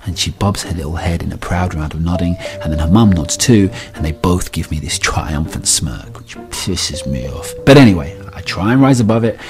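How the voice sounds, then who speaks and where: A man's voice: deep voice, expressive, moderate pace, hardly any pauses, over music. A man telling a comic story about himself as a father, in a wry, self-mocking manner.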